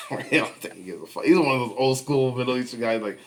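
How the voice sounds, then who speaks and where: A man's voice: medium pitch, fairly quick. A man co-hosting a podcast in casual chat, telling stories in a rambling way and laughing often. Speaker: podcast co-host.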